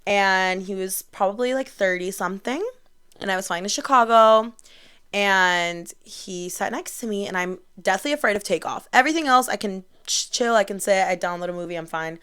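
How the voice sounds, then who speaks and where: A woman's voice: mid-range voice, moderate pace, fairly bright tone, smooth. A young woman in her twenties hosting a casual solo podcast, chatty and bubbly, storytelling with lots of "like". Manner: chatty, bubbly, heavy use of "like". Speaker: podcast host.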